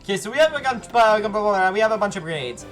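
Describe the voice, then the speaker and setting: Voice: medium pitch, animated, fast talker, a bit bright, soft background music. A streamer chatting casually while playing a strategy game, often reading on-screen text aloud. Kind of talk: casual live game commentary.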